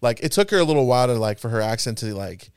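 Laid-back man, lively voice. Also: mid-range voice, quick pace, clear, resonant tone, dry recording, clean studio sound. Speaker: podcast co-host. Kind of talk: casual chat.

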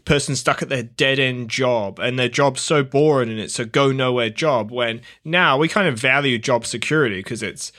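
A man co-hosting a casual film podcast, talking in an animated, rambling way with frequent restarts. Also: mid-range voice, normal speed, few pauses, no room sound, clean studio sound. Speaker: podcast co-host.

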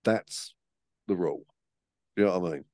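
A man with a low, slightly mellow voice chats casually as a podcast co-host, speaking at a moderate pace. He swears freely and acts out the voices in his stories. The recording is dry and studio quality.

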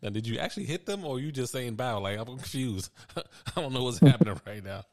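A man's voice: medium pitch, animated, quick pace, darkish tone. A young adult man co-hosting a casual chat, telling stories with a laid-back, laughing, profane manner. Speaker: podcast co-host.

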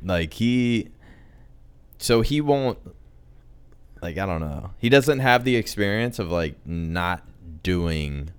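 A young man talks slowly on a casual podcast, weighing each thought and dropping frequent swear words. His voice sits low and comes through smooth and resonant. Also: expressive. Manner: slow, reflective, swears often. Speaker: podcast co-host. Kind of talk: casual chat.

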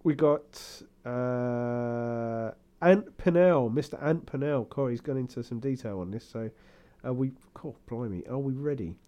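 A man's voice: medium pitch, measured pace, mellow. A man co-hosting a podcast in casual chat, rambling, laughing often and now and then slipping into camp put-on voices. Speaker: podcast co-host.

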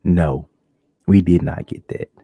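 A man's voice: takes it slowly, vocal fry, husky, no room sound. A man hosting a casual solo podcast, telling stories animatedly and acting out shocked reactions. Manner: animated storytelling, acts out shocked reactions in high voice. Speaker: podcast host. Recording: dull lo-fi dry home recording.

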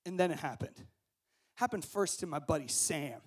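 A young man telling a story to a group as a camp speaker, acting out scenes with shouts and voices. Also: on the high side, animated, moderate pace, slightly rough.

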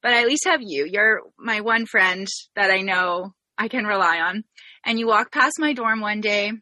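A woman's voice: medium pitch, moderate pace, pushed and bright, no room sound. A young Canadian woman hosting a podcast, telling a story in a bubbly, giggly way. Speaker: podcast host. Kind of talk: casual interview chat.

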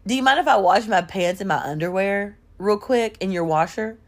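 Woman playing an oblivious old man, casual and insistent, lifted pitch. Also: moderate pace. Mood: nonchalant. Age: older. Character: shameless older man, oblivious, pushy.

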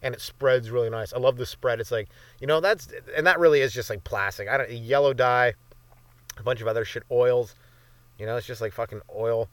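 A young man hosts a comedy podcast, riffing off the cuff in a loose, rambling way and swearing freely. His voice sits at an ordinary middle pitch. He is close on a dry mic with no room sound. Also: fairly quick, a bit bright, no echo. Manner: loose, profane, rambling with lots of fillers. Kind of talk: rambling stand-up style monologue.

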